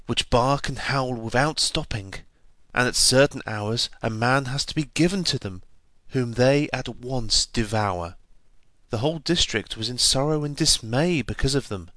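A man narrates an old fairy tale in a measured, old-fashioned storybook manner. His voice sits at an ordinary middle pitch. The recording is dry and close, with no room sound. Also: animated, sharp tone, dry recording. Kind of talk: storybook reading.

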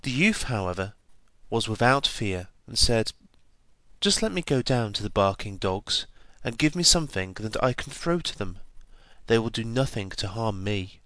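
A man reading an old fairy tale aloud in a measured storybook manner, giving the characters' lines a light touch of voice. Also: fairly low pitch, very animated, fairly bright tone, no room sound. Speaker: narrator.

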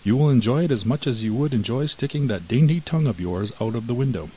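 A man's voice: mid-range voice, lively intonation, quick pace, warm tone, a little hiss or hum, lightly acted, poor audio. A man voicing a greedy, sly female house cat in a storybook, cool and evasive. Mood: menacing.

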